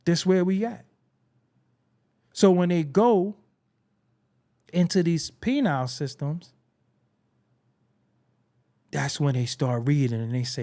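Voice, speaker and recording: A man's voice: fairly high pitch, takes it slowly, long pauses, warm tone. A man from Brooklyn with a Brooklyn accent, hosting a casual commentary monologue in a blunt, preachy way, swearing freely. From Brooklyn, New York. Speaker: show host.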